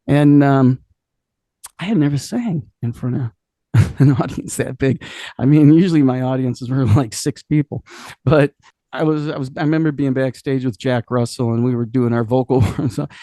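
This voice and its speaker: A middle-aged rock singer from Cleveland, spinning stories in a loose, profane way and laughing as he goes. His voice is gravelly with a warm, dark tone. The sound is dry and close, with no room echo. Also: mid-range voice. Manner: animated, profane, laughs often while telling stories. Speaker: rock singer, interview guest. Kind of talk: casual interview storytelling.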